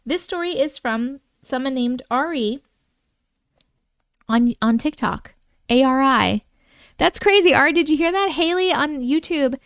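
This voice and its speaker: A woman hosting a casual livestream, chatting excitedly and reacting to viewer comments as she reads and discusses their stories. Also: sits high, clear, resonant tone, no room sound, clean studio sound.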